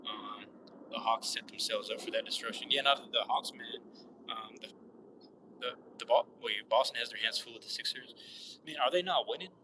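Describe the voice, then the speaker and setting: A young man chatting casually on a live stream, rambling loosely in slang with frequent swearing and sudden animated outbursts. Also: mid-range voice, normal speed, background noise. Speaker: vlogger chatting with live viewers. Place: outdoors at sunset.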